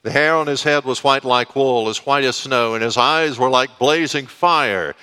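A man preaching a sermon, slow and deliberate, with dramatic pauses. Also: medium pitch, pushed and bright, smooth. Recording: long reverb of a hall.

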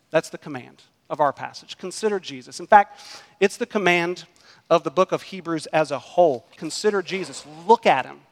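A man preaching a sermon as pastor, emphatic, swinging between loud stresses and quiet drops. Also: a little high, moderate pace. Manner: emphatic preaching, rising and dropping in volume. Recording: long hall reverb.

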